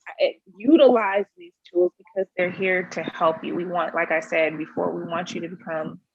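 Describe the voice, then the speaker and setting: A woman's voice: lowish voice, steady tone, moderate pace, vocal fry, highs cut off, slight background noise. A woman co-hosting a casual talk show in an upbeat, encouraging way. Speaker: podcast co-host. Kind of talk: casual chat.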